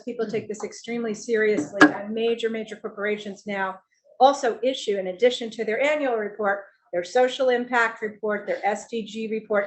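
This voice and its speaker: A woman speaking as a family office CEO on a finance panel, explaining in a measured way. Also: fairly high pitch, a bit bright, poor audio. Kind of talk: panel discussion.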